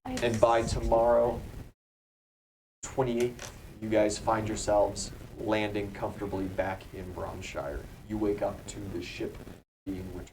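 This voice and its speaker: A man running a tabletop game as game master, narrating scenes in a measured, descriptive way and talking rules casually with his players. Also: fairly low pitch, flat delivery. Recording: distant mic with clear background noise.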